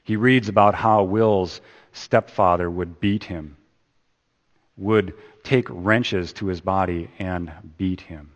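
A man preaching a sermon. He swings from loud emphasis down to hushed, repeated words. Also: low voice, takes it slowly, dull audio. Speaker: pastor. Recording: long hall reverb.

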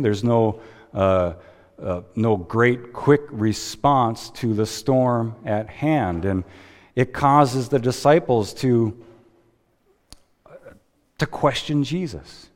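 A man preaching a sermon as a pastor, slow and deliberate with dramatic pauses, heard in a church sanctuary. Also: mid-range voice, animated. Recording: long reverb of a church hall.

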